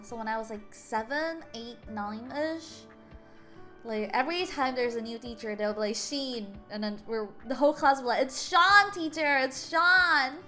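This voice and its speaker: A young woman with a high voice streams a game, reading its dialogue aloud and breaking into chatty, animated stories. She trips over words and laughs often. Faint game music plays softly behind her. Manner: animated storytelling.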